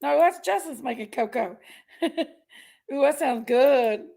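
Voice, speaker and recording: A woman's voice: high voice, animated, takes it slowly, gravelly, dark tone. A woman hosting a casual livestream. She chats affectionately with viewers and greets them by name and pet name. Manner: chatty and affectionate, calls viewers pet names. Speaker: livestream host.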